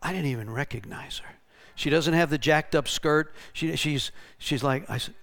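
A man preaching a storytelling sermon in an animated way, restarting and repeating words and rising to shouted bursts. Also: fairly high pitch, normal speed. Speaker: pastor.

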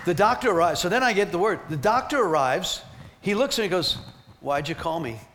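A man leading a ministry team training, telling emphatic, animated stories to teach the group. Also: high voice, fairly quick, a little hiss or hum. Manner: animated, emphatic storytelling with laughs.

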